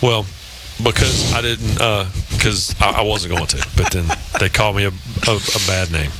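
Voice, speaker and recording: A man's voice: fairly low pitch, moderate pace, over loud music, poor audio. A man in his fifties hosting a sports talk show, telling long rambling anecdotes in casual chat. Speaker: radio show host.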